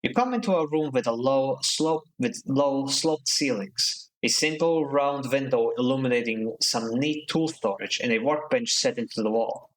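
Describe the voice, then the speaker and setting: A man streaming a story game, reading the narration aloud and adding relaxed, joking asides. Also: medium pitch, moderate pace, hardly any pauses, poor audio.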